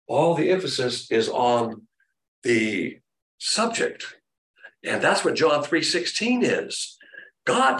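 A male pastor giving a sermon in a teacherly, emphatic manner, pushing hard on key words. His voice sits a little high. He sounds set back from the mic in a roomy church hall. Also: recorded from a distance. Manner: emphatic, teacherly, shifts pace often.

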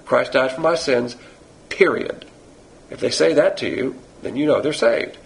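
A man preaching a sermon in a blunt, sarcastic, emphatic way, slowing down to stress key phrases. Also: mid-range voice, expressive, creaky, rough recording.

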